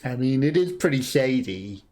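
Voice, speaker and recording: A man hosting a let's play, cracking sarcastic jokes as he comments on the game. His voice sits at an everyday middle pitch. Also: lively intonation, normal speed, darkish tone. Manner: sarcastic, joking. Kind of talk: gameplay commentary.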